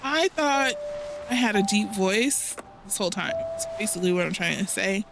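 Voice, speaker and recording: A woman hosting a cozy gaming channel, chatting in a rambling, casual way with frequent laughs and a fairly high voice. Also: lively intonation, normal speed, gravelly, noisy background. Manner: rambling, laughs often, self-interrupting. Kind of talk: casual chatty let's play commentary. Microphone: home desk microphone. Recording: game music behind the voice.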